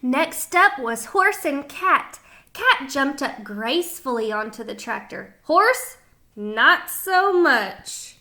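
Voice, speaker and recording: A woman's voice: high voice, lively intonation, takes it slowly, pushed and bright. A woman teacher reading a picture book aloud to children, stopping to explain words and ask them questions. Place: home kitchen.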